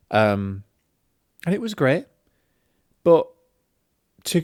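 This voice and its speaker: A man's voice: mid-range voice, no room sound, clean studio sound. A man hosting a casual film review show, talking in a chatty, opinionated way with plenty of fillers and restarts.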